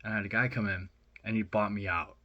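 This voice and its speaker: A young man telling a rambling, excited story in a casual vlog, with lots of fillers. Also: lowish voice, quick pace, dull audio. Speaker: vlogger.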